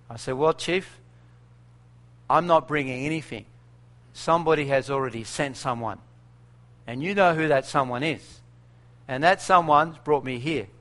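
A man's voice: a little high, bright, forceful tone. A middle-aged man telling a missionary story to an audience, acting out dialogue and laughing often. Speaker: missionary speaker.

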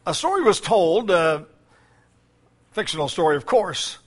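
A man's voice: high-pitched, very animated, a little slow, slightly rough. A man preaching a sermon as pastor, with frequent fillers and key phrases repeated.

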